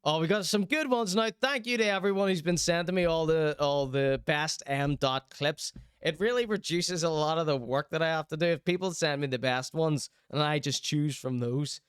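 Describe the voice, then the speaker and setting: Male host, reaction show, teasing and chatty, higher smooth voice, dry close sound. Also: moderate pace, hardly any pauses, dry recording. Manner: chatty, teasing, mock-concerned asides. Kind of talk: casual reaction commentary.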